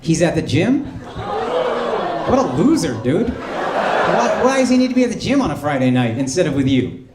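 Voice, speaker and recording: A man's voice: on the high side, sing-song, normal speed, pauses often, very noisy. A man doing stand-up crowd work, teasing audience members in a brash, profane way. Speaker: stand-up comedian. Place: comedy club stage. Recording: roomy club with loud crowd laughter. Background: audience laughing.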